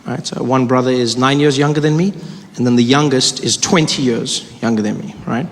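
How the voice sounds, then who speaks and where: A man performing stand-up comedy before an audience, telling stories in a conversational way with quick voice switches. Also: medium pitch. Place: large hall before live audience. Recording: live hall with audience noise.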